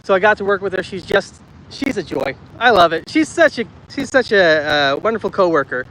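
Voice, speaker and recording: A man's voice: high-pitched, animated, a little fast, a bit bright, slight background noise, low-quality recording. A man in his thirties hosting a casual walking livestream in a city park, chatting with viewers and reading their comments aloud from a handheld phone. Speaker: livestream host. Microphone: phone held while walking.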